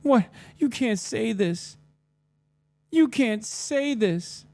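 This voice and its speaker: A man voicing a whiny, outraged young male online fan in a high squealing voice. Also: expressive, extremely slow, vocal fry, a little mellow, no room sound, full character voice. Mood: whining.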